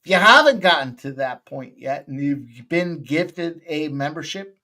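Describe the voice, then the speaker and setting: A man hosting a live betting stream, joking loudly and swearing in casual banter with his co-host. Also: a little high, animated, measured pace. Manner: loud, joking, profane banter.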